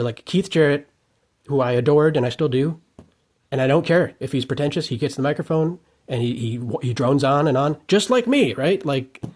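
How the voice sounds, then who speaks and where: A man giving an unscripted monologue rant, heated and profane, breaking into shouted outbursts. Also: fairly high pitch.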